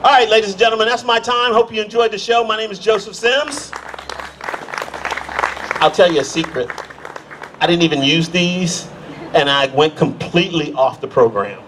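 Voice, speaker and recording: Brief: middle-aged American stand-up comic, high voice, faint hum of the room behind him. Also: male voice, a crowd in the background. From United States. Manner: storytelling, acts out characters in quick voices. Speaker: stand-up comedian. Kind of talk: stand-up comedy set. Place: comedy stage.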